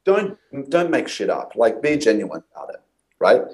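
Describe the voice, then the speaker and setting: A man's voice: on the low side, sing-song, moderate pace, low-quality recording. A man, a guest in an interview, telling stories and acting out past conversations. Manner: storytelling, acts out his own past dialogue. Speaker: guest copywriter.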